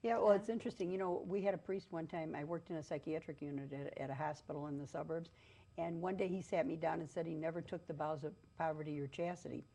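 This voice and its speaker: A woman hosting a casual talk show, chatty and quick to laugh. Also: sits low, steady tone, warm tone. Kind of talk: casual chat.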